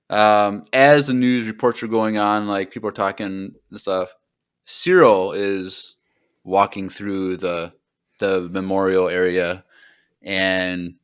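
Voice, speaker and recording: The podcast host here has a fairly low, clear, resonant voice. Recapping an episode in a casual, rambling way, he fills his speech with "like" and "um."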